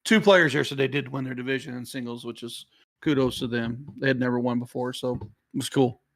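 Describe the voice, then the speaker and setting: Casting note: gravelly man, mid-pitched, dry close mic, teasing darts commentator. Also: fairly even intonation, brisk, dry recording. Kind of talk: live sports commentary banter.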